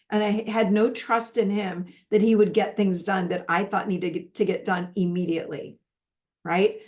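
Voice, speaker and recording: A middle-aged woman teaching a relationship masterclass in a casual, conversational way, with personal stories and frequent restarts. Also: medium pitch.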